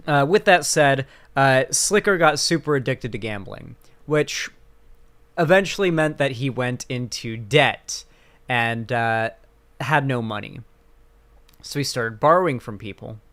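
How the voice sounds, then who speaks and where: Smooth-voiced man in rambling commentary. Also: mid-range voice, a bit bright. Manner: rambling, sarcastic, many fillers and restarts. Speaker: political commentary streamer. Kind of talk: casual commentary stream.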